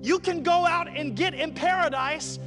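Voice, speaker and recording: A man's voice: very high voice, normal speed, over music. A man preaching a sermon to a church congregation, calling for responses and repeating key phrases for emphasis. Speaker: pastor.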